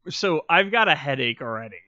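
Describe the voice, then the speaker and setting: Male co-host, fairly high and bright voice, dry wry remarks, dry muffled mic. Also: sing-song, a little fast, no room sound. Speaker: podcast co-host. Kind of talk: casual podcast chat.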